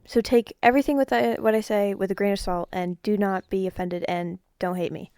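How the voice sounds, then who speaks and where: A woman's voice: medium pitch, steady tone, a little fast, warm tone, clear, resonant tone, no echo, clean studio sound. Blunt, teasing teenage girl. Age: teens. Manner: blunt, teasing, easily distracted. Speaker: guest, host's daughter. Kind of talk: casual chat.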